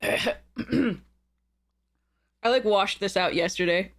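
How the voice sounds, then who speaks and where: A woman's voice: mid-range voice, very slow, creaky. A woman streamer chatting casually on a live stream, bubbly and giggly, rambling with frequent laughter. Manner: rambling, with many fillers and restarts. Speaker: streamer and content creator.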